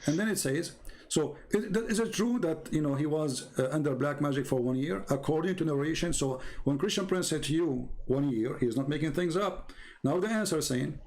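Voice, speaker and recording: A man's voice: a little high, fairly quick, a little mellow. A man hosting a livestreamed religious debate over a call, argumentative and repetitive, with many fillers. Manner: argumentative, repeats himself, frequent uh fillers. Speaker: debate show host.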